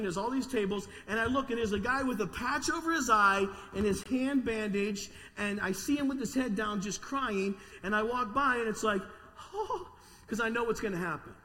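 A man preaching a sermon to his congregation, telling a story in an animated way, sometimes stammering and repeating words. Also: sits high. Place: large church hall with an audience. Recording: long reverb of a church hall.

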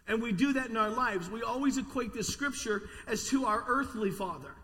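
A man preaching a sermon to a congregation in a church, energetic with call-and-response. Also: very high voice, a little fast, few pauses, long reverb tail. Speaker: pastor. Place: church sanctuary.

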